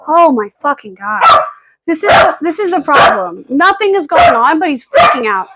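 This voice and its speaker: A tired woman vlogging at home late at night, rambling and swearing, snapping sharp commands at her dogs. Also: sits high, sing-song, moderate pace, very noisy. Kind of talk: casual vlog talk.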